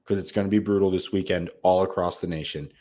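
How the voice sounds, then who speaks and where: A man's voice: low-pitched, fairly even intonation, fast, mellow. A man co-hosting a sports betting podcast, talking in a brash, profane, hyped-up way. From United States. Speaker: podcast co-host. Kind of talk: casual sports betting chat.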